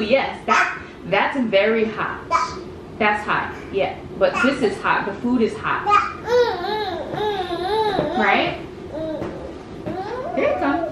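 A woman's voice: on the high side, big pitch swings, takes it slowly, long pauses, reverberant, heavy background noise. A young woman vlogging at home, chatting to camera and coaxing her toddlers in a sing-song baby-talk voice. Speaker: vlogger and mother of triplets. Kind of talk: casual home vlog, talking to camera and toddlers. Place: home kitchen indoors.

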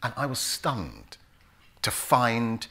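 A man in his fifties from England, speaking with a London accent, gives a storytelling talk as an author at a club event and acts out the voices in his tales. He is an animated storyteller. His voice is mid-range and slow, with some vocal fry.

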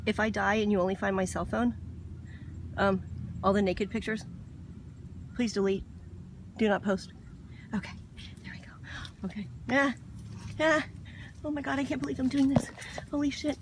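A woman's voice: mid-range voice, moderate pace, pauses often, slight background noise. A woman vlogging outdoors by the water on her phone, talking herself through her nerves with lots of swearing and sudden whispers. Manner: nervous self-talk, heavy swearing, drops to whispers. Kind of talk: casual self-filmed vlog.

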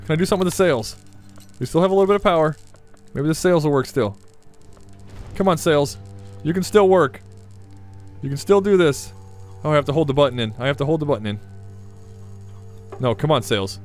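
A man's voice: a little high, normal speed, long pauses, soft background music. A young man giving casual let's play commentary, chatting to himself and coaxing his vehicle along, yelping when things go wrong. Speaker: gameplay commentator.

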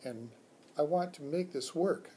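Male reader doing a tired, earnest substitute teacher; slow, husky. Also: a little high, mellow. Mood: weary. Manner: weary, earnest. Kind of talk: children's book read-aloud.

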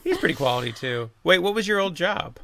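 A man's voice: high voice, sing-song, fairly quick, bright, forceful tone, a little hiss or hum. An American man co-hosting a comedy podcast, joking in casual chat and laughing often. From United States. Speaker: podcast co-host.

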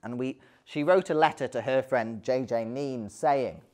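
A man's voice: medium pitch, measured pace, darkish tone. A man giving an illustrated history talk, conversational, with frequent ums and dry little asides. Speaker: lecturer.

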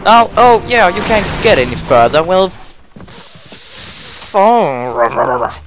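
Excitable gamer man yelling over game music. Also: sits high, slow pace, long pauses. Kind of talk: let's play commentary. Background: game music and car sounds.

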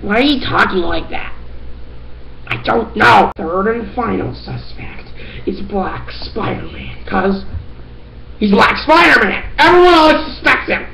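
A woman play-acting a homemade detective story, voicing every character in a playful, giggly way with sudden shouts. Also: mid-range voice, expressive, unhurried, gravelly, a little hiss or hum, low-quality recording. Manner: playful, giggly, breaks into shouts and silly voices. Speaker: performer voicing all the characters.

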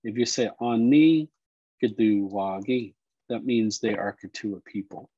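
A man teaching Cherokee words and culture, explaining slowly and repeating each word. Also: mid-range voice, dark tone, breathy edge, no echo, muffled recording. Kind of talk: explanatory lesson talk.

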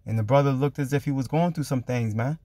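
Guy preaching thru a street story, mid-pitched voice, lots of slang and "you know", dry close sound. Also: quick pace, mellow, dry recording. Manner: fervent, spirited retelling. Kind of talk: casual testimony storytelling.

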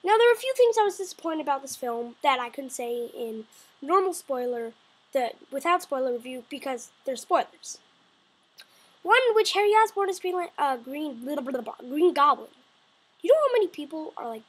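High-pitched woman in a rambling casual review. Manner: rambling, excitable, frequent self-corrections. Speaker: video reviewer. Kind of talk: casual spoiler review to camera.

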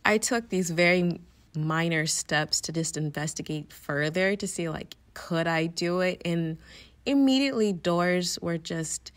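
A woman guest on a podcast, telling a personal story in an animated way, often laughing and acting out her own reactions. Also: lowish voice, a little slow.

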